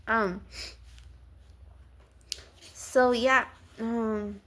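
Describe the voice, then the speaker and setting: A woman's voice: a little high, fairly even intonation, very slow, a bit bright. A woman giving a casual Bible talk in a chatty, rambling, earnest way. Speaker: Bible teacher.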